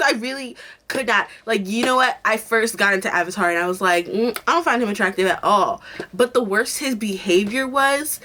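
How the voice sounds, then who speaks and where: A woman's voice: medium pitch, a bit bright. A young woman hosting her own video, chatting casually and gushing, with lots of "like.". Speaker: YouTube host. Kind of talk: casual chat.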